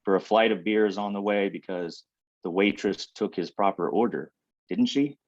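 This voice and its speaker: A man with a very low voice reads his own poems aloud in a dry, unhurried way. He is on a video call, and the audio is dull and lo-fi. The room sound is close and dry, with no echo. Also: fairly even intonation. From Ohio. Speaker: poet reading. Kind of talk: poetry reading.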